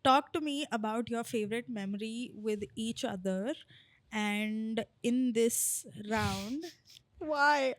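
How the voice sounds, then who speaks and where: A young woman leads a podcast game in casual chat, with a teasing and bossy edge. Her voice sits high. The recording is dry and close. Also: measured pace, dry recording. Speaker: podcast co-host running the game rounds.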